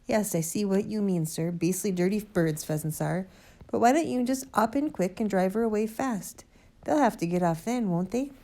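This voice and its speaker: A woman's voice: medium pitch, moderate pace, mellow, lightly acted. A woman reading a storybook, voicing a crafty country police sergeant who drops his h's and barks orders. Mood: sly commanding.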